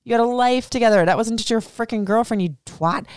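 A woman podcast host giving a casual, animated recap rant about a reality show. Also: on the high side, brisk, clear, resonant tone, no room sound, clean studio sound. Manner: animated, indignant, swearing.

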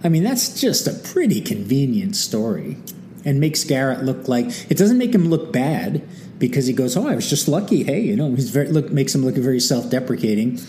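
A man's voice: mid-range voice, normal speed, slight background noise. A man hosting a history talk, telling the story casually with wry asides and acted-out quotes. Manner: animated and wry, acting out quotes, many asides. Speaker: history channel host.

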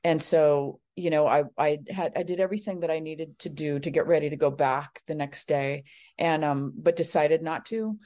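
Lowish-voiced woman telling a story. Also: moderate pace. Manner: rambling, animated retelling with many fillers. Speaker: guest, psychic medium. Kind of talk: casual storytelling in an interview.

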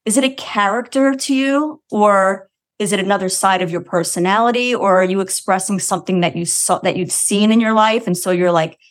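A woman hosting an interview, asking careful, thoughtful questions with frequent restarts. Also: mid-range voice. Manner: thoughtful, hesitant, many restarts and "like". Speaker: podcast interview host.

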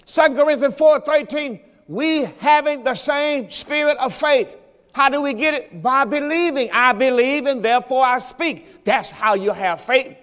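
A man preaches his Sunday sermon, his voice sitting unusually high for a man. He reads scripture and asks his listeners questions in a homespun, conversational way. The sound rings with the long reverb of a church hall. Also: unhurried, fairly bright tone. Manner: folksy preaching with scripture quotes and rhetorical questions. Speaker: pastor. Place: church during Sunday service.

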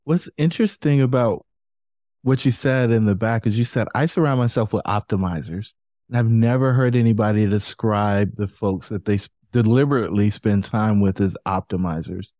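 A man's voice: on the low side, normal speed, darkish tone, dry recording, clean studio sound. A man hosting a casual interview, asking short, curious follow-up questions.

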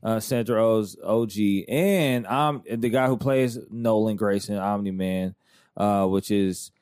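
A man hosting a casual podcast chat, rambling and halting with many fillers. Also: on the low side, darkish tone, smooth, no echo, clean studio sound. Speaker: podcast host.

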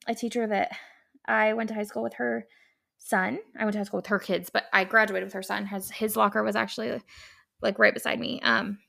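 Chatty young woman with a gravelly edge. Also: mid-range voice, flat delivery, a little fast, sharp tone. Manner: chatty and rambling, many "like" and "um" fillers. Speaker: podcast host. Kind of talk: casual solo podcast monologue.

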